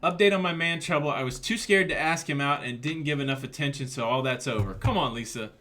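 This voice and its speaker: A man's voice: mid-range voice, fast talker, sharp tone, faint music behind. A man co-hosting a casual live stream, joking with his wife and reading out viewer comments, with a slight chest cough. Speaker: livestream co-host.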